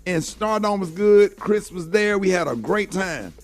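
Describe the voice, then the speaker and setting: Middle-aged morning radio host, high-pitched guy, talks earnest and heartfelt, says "man" a lot. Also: expressive, a little slow, soft background music. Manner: earnest, heartfelt, fills talk with "man" and "you know". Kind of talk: storytelling on a morning show.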